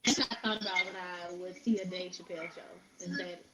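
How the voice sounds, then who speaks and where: A woman's voice: on the low side, fairly even intonation, fast, heavy background noise. A woman co-hosting a casual chat show, stating her opinions bluntly and with emphasis. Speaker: podcast co-host.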